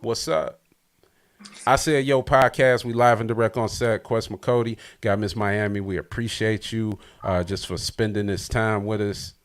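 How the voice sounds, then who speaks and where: Excitable male podcast host. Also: lowish voice, measured pace. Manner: hypes up guest, loud and excitable. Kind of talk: casual interview.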